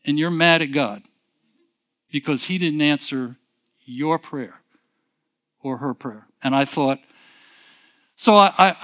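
A man's voice: on the high side, fairly bright tone. A male pastor telling a personal story in a sermon, conversational and rambling, often restarting with "so anyways". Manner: conversational, repeats himself, frequent "so anyways" restarts.

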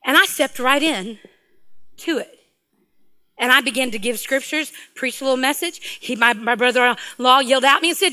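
A middle-aged woman, preaching a sermon and telling a personal story in an animated way, laughing often and swinging from hushed to loud. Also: high voice, moderate pace. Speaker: guest preacher.

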